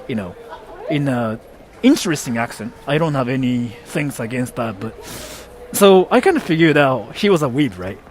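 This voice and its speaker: A man raised in Japan, telling stories to his viewers in a casual chat, excitable, laughing and swearing often. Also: mid-range voice, slight background noise.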